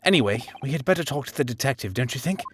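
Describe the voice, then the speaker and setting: A man's voice: medium pitch, animated, rapid-fire, a little hiss or hum, pitched below the performer's own voice, lightly acted. A man playing a hesitant young lawyer. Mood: uncertain. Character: polite, hesitant young male defense attorney. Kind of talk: fan voice acting of a game.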